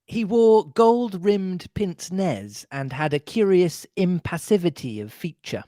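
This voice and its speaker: Expressive book-club reader. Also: medium pitch, measured pace, no room sound. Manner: expressive, animated reading. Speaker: podcast co-host and reader. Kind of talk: reading a novel aloud with chat.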